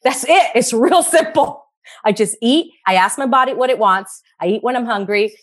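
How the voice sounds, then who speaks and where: A woman guest in a casual podcast interview, talking in an animated way and repeating phrases for emphasis. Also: on the high side, brisk.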